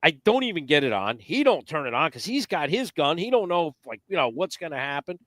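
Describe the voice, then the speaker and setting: Guy telling a hunting story on a podcast, swears a lot, kinda high voice, dry close mic. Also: a little fast, no echo. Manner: animated, profane, acts out quotes. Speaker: podcast guest. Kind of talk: casual storytelling.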